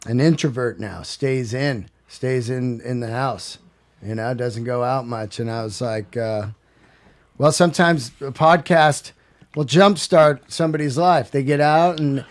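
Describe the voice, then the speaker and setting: A man's voice: mid-range voice, unhurried. A man guesting on a comedy podcast, chatting casually and telling a loose, rambling story. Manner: loose storytelling with many fillers. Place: podcast studio.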